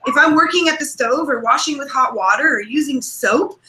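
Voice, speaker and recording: A woman's voice: high-pitched, moderate pace, sharp tone, echoey room, poor audio. A woman on a video call, explaining earnestly as a show guest, with frequent restarts. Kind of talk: casual video call chat.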